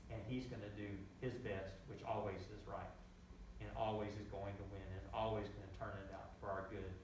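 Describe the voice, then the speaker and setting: Echoey pastor preaching from a distance. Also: male voice, lowish voice, slight background noise. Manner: repeats key phrases, emphatic rises. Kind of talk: sermon. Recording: echoey room heard from a distance.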